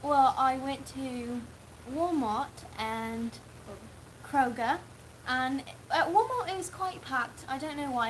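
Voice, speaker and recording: A woman's voice: fairly high pitch, a bit bright, a little hiss or hum, rough recording. A woman playing along on a livestream with a put-on British accent, chatting playfully and giggling between lines. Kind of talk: casual livestream chat.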